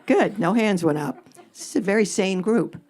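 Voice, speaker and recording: A woman's voice: medium pitch, animated, moderate pace, darkish tone. Blunt, sarcastic woman advice host. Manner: blunt, sarcastic, swears casually, punchy jokes. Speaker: radio advice host answering audience questions. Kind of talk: live stage Q&A. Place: live event in front of an audience.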